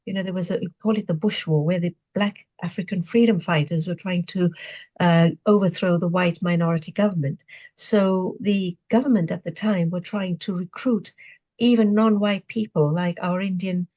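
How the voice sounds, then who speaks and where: A woman in her sixties from Zimbabwe, a podcast guest recounting her life with lively, reflective storytelling and frequent fillers. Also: lowish voice, moderate pace. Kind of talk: storytelling interview answers.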